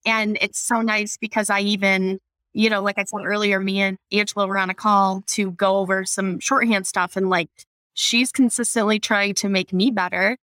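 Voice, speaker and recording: A woman's voice: medium pitch, flat delivery, moderate pace, fairly bright tone, smooth, dry recording. A woman who works at a small business, speaking earnestly as a guest in a casual podcast chat.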